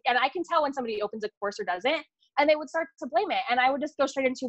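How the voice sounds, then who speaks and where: Fast-talking woman coach, dull lo-fi audio. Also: high voice, dry recording. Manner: rapid, animated, heavy use of "like" and "literally". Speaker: business coach guest. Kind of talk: casual podcast interview.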